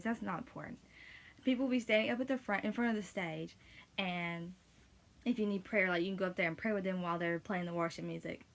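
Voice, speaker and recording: A woman's voice: medium pitch, a little hiss or hum. A young woman casually telling a personal faith story, rambling with many fillers, emotional and close to tears. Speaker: vlogger sharing testimony.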